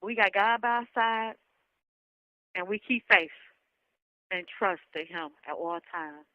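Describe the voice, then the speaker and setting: A woman's voice: medium pitch, measured pace, dry recording. A woman survivor giving an impassioned, emotional spoken message to other women, rallying them with repeated calls. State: emotional, near tears. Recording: dull lo-fi recording.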